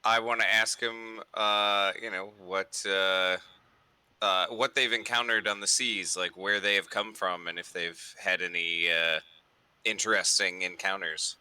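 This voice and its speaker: A man at a tabletop game, pausing and searching for words. His voice is low, very bright and crisp. The sound is dry and close. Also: fairly even intonation, dry recording. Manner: hesitant, filler-heavy. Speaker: player. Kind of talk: casual tabletop game chat.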